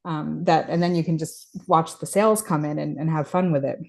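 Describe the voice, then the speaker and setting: Chatty low-voiced woman guest. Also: steady tone, a little fast, creaky, darkish tone. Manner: conversational, many fillers and restarts. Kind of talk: casual interview.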